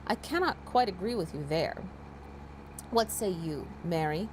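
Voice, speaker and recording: A woman's voice: fairly low pitch, lively intonation, unhurried, noisy background. A woman voicing a dry, teasing middle-aged father in a dramatic reading of a classic novel.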